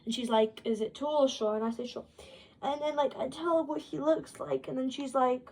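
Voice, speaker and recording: A storytime vlogger tells a casual, rambling tale packed with "like," acting out the quoted dialogue with animation. Her voice is high-pitched and fairly quick.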